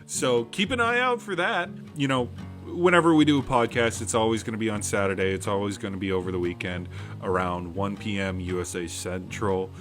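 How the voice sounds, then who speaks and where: A man's voice: lowish voice, a little fast, a bit bright, soft background music. A man hosting a podcast, wrapping up in a casual, rambling chat and restarting phrases as he goes. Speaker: podcast host.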